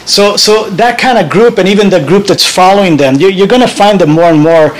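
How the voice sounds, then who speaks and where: Male host, higher-pitched, casual, reads aloud and comments as he goes, with many restarts and tag questions. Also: fairly quick, rough recording. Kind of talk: casual talk reading aloud from a book.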